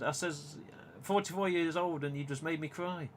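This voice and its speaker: A man's voice: a little high, moderate pace, slight background noise. A man in his forties with an English accent, hosting a casual live-stream chat, swearing often and quoting his own words. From England. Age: 40s. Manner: animated, swears a lot, quotes himself. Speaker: host.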